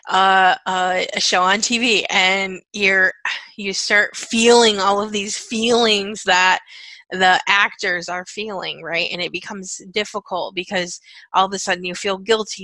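Woman, guided self-help talk, chant-like repetition, bright tone, dry close sound. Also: mid-range voice, steady tone, measured pace, no room sound, rough recording. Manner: conversational, frequent "okay" and "right". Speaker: energy-clearing facilitator.

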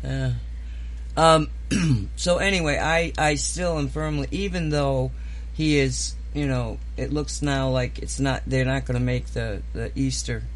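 A man's voice: mid-range voice, a little slow. A man hosting a casual video-call chat, chatty, laughing easily and stammering a little. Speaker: host.

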